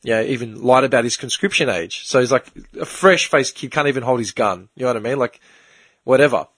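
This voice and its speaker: A man's voice: medium pitch, lively intonation, fairly quick, fairly bright tone, husky, no echo. A young man in casual chat with friends, telling a long rambling story with lots of swearing and filler words. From Australia.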